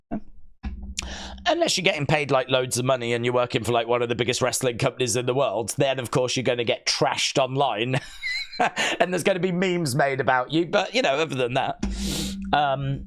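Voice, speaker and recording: A man's voice: mid-range voice, fairly quick. A man hosting a live stream, chatting casually, reading viewer comments aloud and playfully mock-scolding viewers he calls kids.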